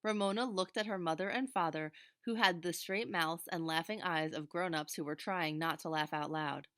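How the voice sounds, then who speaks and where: A woman, a teacher, reading a children's chapter book aloud in a steady, expressive way. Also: lowish voice, moderate pace, dry recording, studio quality. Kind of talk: storybook read-aloud.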